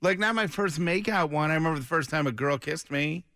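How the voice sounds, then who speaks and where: A man's voice: fairly high pitch, sharp tone, no room sound, clean studio sound. A man co-hosting a morning radio show, bantering with callers and making teasing jokes. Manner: jokey, teasing, quick asides. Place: radio studio. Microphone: studio mic.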